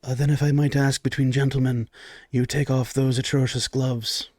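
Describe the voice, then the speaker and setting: A man's voice: medium pitch, level tone, normal speed, darkish tone, no room sound, lightly acted. A man voicing a polite, formal tiefling manservant who addresses guests as "sir". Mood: courteous. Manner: courteous, formal, says "sir".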